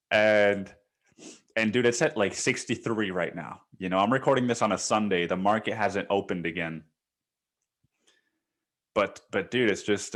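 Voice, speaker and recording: A man hosting a casual solo podcast, rambling, laughing often, swearing and calling the listener dude. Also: on the low side. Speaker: podcast host.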